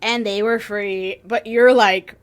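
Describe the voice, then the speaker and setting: A woman co-hosting a casual podcast chat, joking in an unhurried way. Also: medium pitch, steady tone. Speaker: podcast co-host.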